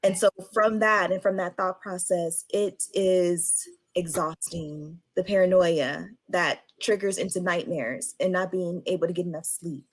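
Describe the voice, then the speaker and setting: A woman speaking on a video call panel, giving halting, emotional personal testimony and apologizing as her voice breaks. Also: on the low side, fairly even intonation, no room sound, low-quality recording.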